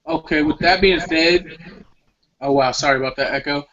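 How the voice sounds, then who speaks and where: A man taking part in a casual roundtable talk, putting questions to the group in a lively way. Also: on the high side, moderate pace, lo-fi sound.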